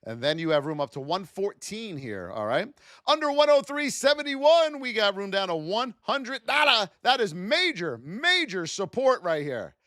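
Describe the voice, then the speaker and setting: A man hosts a live trading stream, calling out price levels in a high, smooth voice. His delivery swings up and down with hype-filled, sing-song energy. The sound is dry and close to the mic. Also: big pitch swings, unhurried, pushed and bright, no room sound. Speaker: trading livestream host. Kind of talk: live market commentary.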